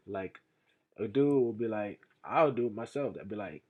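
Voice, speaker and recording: A man's voice: medium pitch, lively intonation, normal speed, dry recording. Brief: young male streamer, rambling emphatic reaction talk, dry close sound. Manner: emphatic, rambling, swings between loud and quiet. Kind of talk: casual reaction commentary.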